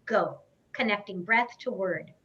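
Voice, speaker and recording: A woman voice coach leading an online workshop, guiding listeners through breathing in a slow, calm, instructive way. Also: medium pitch, breathy edge, lo-fi sound. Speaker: voice and speaking coach.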